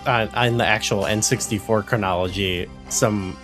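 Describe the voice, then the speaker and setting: A man's voice: fairly low pitch, steady tone, moderate pace, fairly bright tone, faint music behind. A man co-hosting a podcast in casual chat, rambling with lots of fillers. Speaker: podcast co-host.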